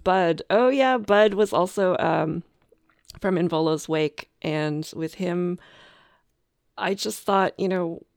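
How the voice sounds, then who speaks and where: A Canadian woman, a game master, chatting casually with many ums and pauses. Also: lowish voice, vocal fry, no room sound, clean studio sound. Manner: hesitant, many ums, laughs often. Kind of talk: casual podcast chat.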